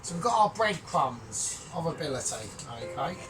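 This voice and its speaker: A man with a put-on Scottish accent hosting a casual home cooking vlog, jokey and boastful with loud bursts. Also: on the high side, sing-song, normal speed. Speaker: cooking channel host. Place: home kitchen. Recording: distant mic, music behind.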